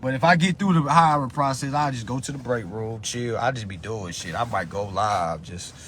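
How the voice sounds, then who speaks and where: A man hosting a live phone stream in a profane rant, dropping to low muttering and then bursting into loud, high-pitched shouts. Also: moderate pace, a little hiss or hum. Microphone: phone on a social live stream.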